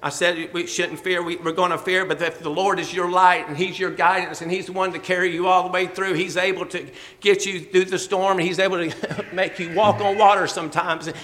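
A man preaches a heartfelt sermon in a high, bright voice. He chuckles between phrases and switches to old-fashioned scriptural wording for quotes. The sound carries a long reverb from a church hall. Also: level tone, brisk. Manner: folksy, laughing often, quoting scripture in old-fashioned wording.

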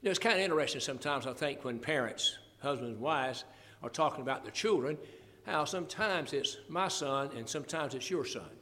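A man's voice: medium pitch, animated, brisk, sharp tone, big-room sound. An older man preaching a sermon, expounding scripture in an earnest, folksy way. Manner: earnest Bible exposition, folksy asides, quoting scripture.

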